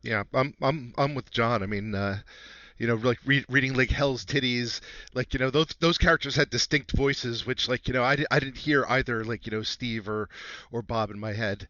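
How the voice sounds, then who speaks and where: A man's voice: mid-range voice, moderate pace, sharp tone, dry recording, dull audio. A man on a casual podcast who rambles, full of fillers and restarts.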